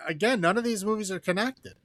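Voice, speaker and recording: A man co-hosting a podcast, chatting casually and ramblingly about movies and acting out characters in quick quotes. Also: sits high, a bit bright, no room sound, clean studio sound. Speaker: podcast co-host. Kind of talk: casual film review chat.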